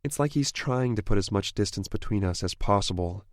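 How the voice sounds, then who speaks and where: A man's voice: on the low side, lively intonation, brisk, dry recording, clean studio sound, pitched above the performer's own voice, close to an everyday voice. Man doing adult woman's voice, worried, fiery, swears when angry, storybook romance.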